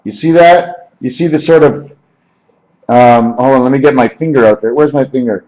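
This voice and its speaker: A man's voice: medium pitch, moderate pace. A man rambling to his handheld camera indoors at home, jumping between loose word and number associations. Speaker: vlogger. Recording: echoey, dull lo-fi camera audio.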